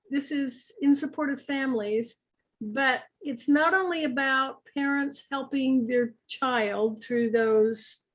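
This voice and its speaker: A woman hosting an interview, asking thoughtful, measured questions. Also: high voice. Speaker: interviewer host.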